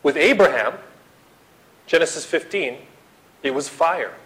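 A man preaching a sermon to his congregation, swinging from loud dramatic outbursts to hushed appeals and acting out the quotes he reads. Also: on the high side, lively intonation, a little slow, low-quality recording. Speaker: pastor.

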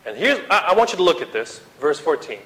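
Male pastor, somewhat high voice, dramatic sermon delivery with big dynamic swings. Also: big pitch swings, fast, low-quality recording. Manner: dramatic, swings from loud to hushed, acts out quotes.

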